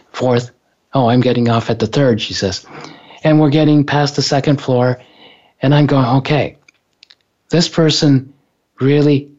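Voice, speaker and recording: A man's voice: mid-range voice, darkish tone. A man casually telling a personal story in a rambling, hesitant way, often stopping and restarting. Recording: dull lo-fi recording.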